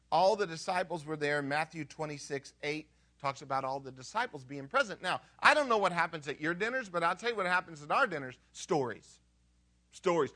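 High, bright-voiced storytelling pastor. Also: male voice. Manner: animated storytelling, acts out characters; conversational, asks the audience questions. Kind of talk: sermon.

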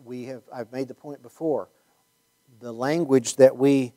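A man's voice: mid-range voice, steady tone, unhurried, dark tone. A man giving a conversational Bible teaching talk, rambling with many fillers and restarts and wry asides. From United States.

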